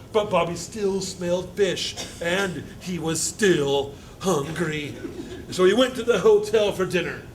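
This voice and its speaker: A man, a university instructor, reading a picture book aloud to a live audience, halting with fillers and joking asides. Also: high-pitched, slight background noise.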